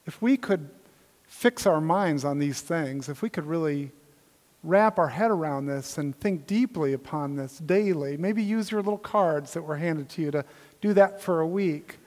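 High-voiced preaching man in reverberant hall. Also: normal speed. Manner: emphatic preaching that drops to soft, intimate asides. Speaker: pastor. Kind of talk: sermon.

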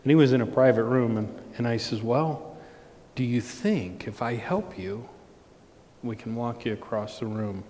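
A middle-aged man preaching, telling a personal story slowly and earnestly with frequent restarts. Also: mid-range voice, dark tone. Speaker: pastor. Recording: long reverb, faint noise.

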